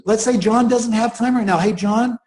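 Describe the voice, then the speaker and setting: A middle-aged man giving a sales training talk, energetic and emphatic. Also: extremely high pitch, fairly quick, roomy sound, a little hiss or hum, rough recording.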